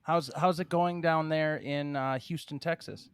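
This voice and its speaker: Halting male podcast host. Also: a little high, fairly even intonation, smooth, no echo, studio quality. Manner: halting, many ums and restarts. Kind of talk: casual chat.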